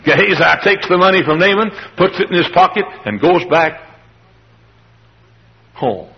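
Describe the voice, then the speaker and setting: High, animated preacher man in a muffled hall. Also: moderate pace, creaky. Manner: dramatic, acts out the characters in the story, shouts at climaxes. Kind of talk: revival sermon.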